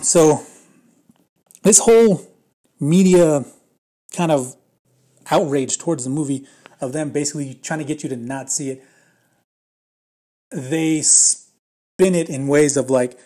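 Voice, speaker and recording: A man's voice: a little high, normal speed, long pauses, a little mellow. A young man chatting casually and rambling, full of fillers and restarts. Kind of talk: casual spoken movie opinion.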